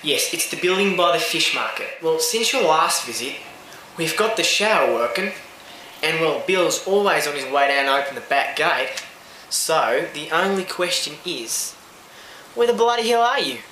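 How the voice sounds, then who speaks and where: A man's voice: fairly high pitch, expressive, normal speed, sharp tone, very echoey, slight background noise, low-quality recording. A man doing a brash Australian bloke. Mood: breezy.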